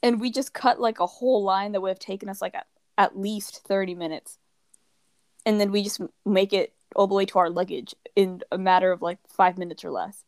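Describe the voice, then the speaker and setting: A woman's voice: medium pitch, fairly even intonation, fairly quick, no echo. Chatty teenage girl, dry close sound. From United States. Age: teens. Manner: rambling, heavy use of "like", acts out quoted people. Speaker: guest telling travel stories. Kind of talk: casual chat.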